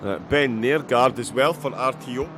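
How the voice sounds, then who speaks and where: A man with a Scottish accent giving live commentary on a sim race, with many fillers and bursts of excitement at incidents. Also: medium pitch, moderate pace, over music.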